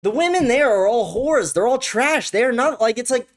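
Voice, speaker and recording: A man's voice: very high-pitched, expressive, moderate pace. A young man hosting a live-stream show, ranting in heated, profane bursts and repeating his points over and over. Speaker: show host.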